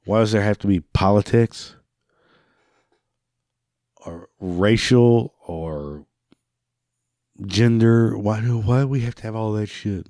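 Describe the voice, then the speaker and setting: In a dry studio recording with no room sound, this male talk show host speaks in a fairly low, slightly mellow voice, unhurried and pausing often. His profane rant is angry and thick with curses, punctuated now and then by laughing.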